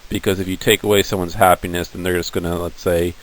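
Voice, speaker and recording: A man's voice: low voice, flat delivery, fast talker, close to an everyday voice, rough recording. A man voicing the devil as a needling, taunting tempter.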